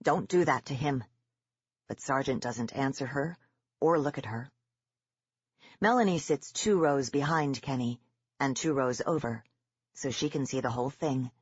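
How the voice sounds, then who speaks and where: Husky narrator, measured horror reading, dull lo-fi audio. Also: mid-range voice, no room sound. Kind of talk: scripted storybook narration.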